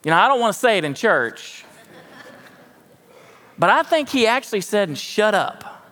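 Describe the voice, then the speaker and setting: A man's voice: high-pitched, sing-song, moderate pace, bright, forceful tone, big-room sound. A man preaching a sermon in a folksy, conversational way with joking asides. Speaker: pastor. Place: church sanctuary.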